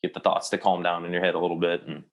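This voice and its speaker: A man's voice: low-pitched, completely flat delivery, very fast. A young adult man, an actor, telling a long personal story in a casual interview and rambling with many restarts.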